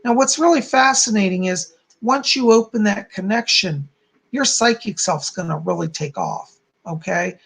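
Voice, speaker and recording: A man's voice: high-pitched, moderate pace, gravelly, breathy edge. A man hosting a live stream as a psychic medium, reading viewers' messages and passing on reassurances in a soothing way. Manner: warm, reassuring, calls viewers darling.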